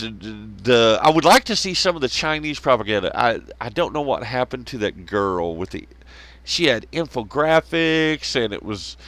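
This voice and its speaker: Brief: man, profane solo commentary, lively swooping pitch, dry close sound. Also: no echo. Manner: rambling, swears a lot, laughs at his own jokes, mocking voices. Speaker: podcast host.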